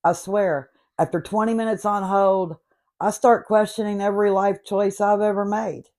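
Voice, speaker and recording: A woman's voice: medium pitch, fairly even intonation, normal speed, darkish tone. A woman in her late fifties who speaks with an accent, hosting a comedic rant in a sarcastic, exasperated storytelling manner. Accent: noticeable regional accent. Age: 50s. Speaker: host.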